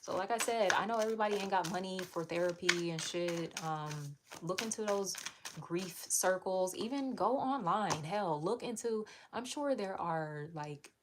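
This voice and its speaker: A chatty woman tarot reader talks in a candid, casual way, swearing freely and laughing often. Her voice sits fairly low. A steady noise runs behind her the whole time. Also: moderate pace. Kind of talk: casual livestream tarot reading. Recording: audible background noise.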